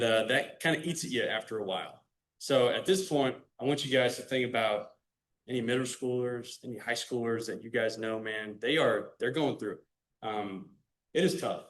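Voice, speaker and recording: A young man from Illinois, a guest speaker, tells his faith story in a casual, earnest talk and speaks straight to the audience. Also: medium pitch. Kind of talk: personal faith testimony speech. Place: club meeting room.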